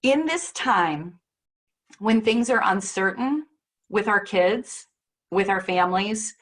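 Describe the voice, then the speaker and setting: A woman's voice: mid-range voice, animated, slow pace. Chatty middle-aged woman presenting. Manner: chatty, warm-hearted, lots of fillers and voiced quotes. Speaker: parenting speaker presenting a talk. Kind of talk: casual presentation.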